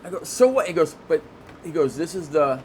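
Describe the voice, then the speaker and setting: A man who is a guest on a podcast, telling a long story in casual chat, excitable and rambling, with lots of restarts. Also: on the high side, brisk, slight background noise.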